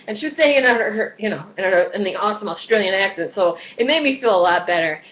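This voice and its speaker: Animated, cussing woman in her twenties. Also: mid-range voice, fast, hardly any pauses, dull audio. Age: 20s. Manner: animated, profane, acts out voices and screams. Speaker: vlogger. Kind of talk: casual storytelling vlog.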